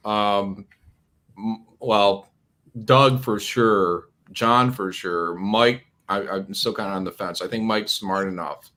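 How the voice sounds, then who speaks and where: A man's voice: lowish voice, fairly even intonation, slow pace, fairly bright tone. A man talking casually on a livestream, blunt and sarcastic, cursing freely. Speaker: guest on a livestream talk show.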